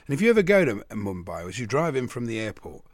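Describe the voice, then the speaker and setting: A man's voice: medium pitch, sing-song, fast talker, no room sound. Radio guy reading funny news bits, chuckly, dry close mic. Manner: amused, laughs often, reads out news items. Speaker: radio sports show co-host. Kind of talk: casual radio banter. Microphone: studio microphone.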